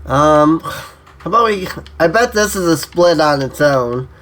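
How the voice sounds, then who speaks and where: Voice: medium pitch, lively intonation, a little slow, fairly bright tone. A game streamer giving casual, offhand live-stream commentary, musing and thinking aloud.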